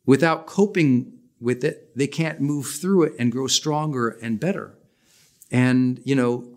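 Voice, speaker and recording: A man in his forties teaching a personal development class in an energetic, emphatic, conversational way. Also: medium pitch. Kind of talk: motivational class talk.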